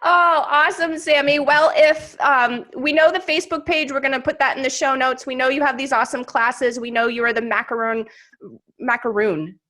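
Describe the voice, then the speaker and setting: A woman hosting a casual podcast, talking with easy enthusiasm. Her voice sits a little high. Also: fairly even intonation, brisk, few pauses, bright, forceful tone. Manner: chatty, enthusiastic. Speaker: podcast host.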